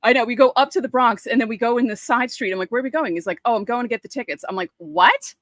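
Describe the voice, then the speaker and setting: A woman, co-hosting a podcast and chatting casually, telling lively stories and acting out quotes. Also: on the high side, rapid-fire, no room sound. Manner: animated storyteller, acts out quotes. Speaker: podcast co-host. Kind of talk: casual chat.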